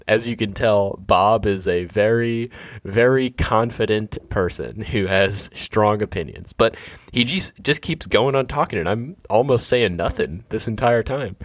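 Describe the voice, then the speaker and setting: A man's voice: on the low side, no echo, clean studio sound. A man in his thirties, a nonprofit fundraiser, telling a story in a conversational, self-deprecating way. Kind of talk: anecdotal storytelling.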